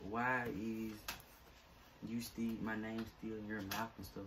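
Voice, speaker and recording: A man's voice: on the low side, completely flat delivery, moderate pace, noisy background. A man vlogging to camera, venting in an irritated, fed-up, rambling rant full of slang.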